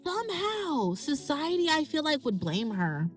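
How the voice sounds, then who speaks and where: A woman's voice: high voice, very animated, measured pace, hardly any pauses, faint music behind. A woman hosting a podcast, speaking in an impassioned, ranting monologue. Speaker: podcast host. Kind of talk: emotional monologue.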